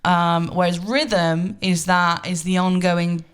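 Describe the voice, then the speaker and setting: A woman with a fairly low voice co-hosts a casual podcast about music teaching. She explains ideas in a relaxed way, with plenty of fillers. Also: slow, smooth. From United Kingdom. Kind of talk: casual chat.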